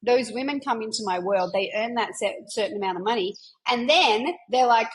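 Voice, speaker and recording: A woman's voice: fairly high pitch, brisk, a little hiss or hum, low-quality recording. A woman podcast host and business mentor speaking casually, emphatic and encouraging, with lots of fillers and the odd swear word. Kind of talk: casual conversational coaching chat.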